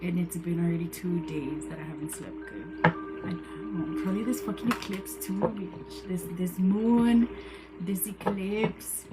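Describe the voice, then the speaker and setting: A woman's voice: fairly low pitch, fairly even intonation, measured pace. A tired woman hosting a tarot livestream, chatting casually, rambling, repeating herself and swearing freely. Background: background music.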